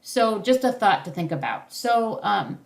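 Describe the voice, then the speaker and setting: A woman's voice: mid-range voice, very animated, measured pace, vocal fry. Encouraging woman leading a parenting class. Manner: encouraging, loose with many restarts and fillers. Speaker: parenting workshop facilitator.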